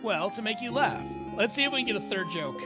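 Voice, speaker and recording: A man's voice: high-pitched, big pitch swings, a little fast, over loud music. A man voicing a cheerful, joking young fighter who tells puns in a playful, teasing way. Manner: upbeat, teasing, delivering puns.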